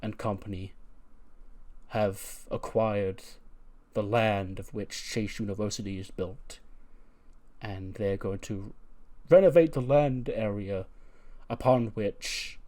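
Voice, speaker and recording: Grandiose wrestler man, slow and formal, as a narrator puts him on. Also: lowish voice, dark tone. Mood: grandiloquent. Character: grandiose, wordy male wrestler.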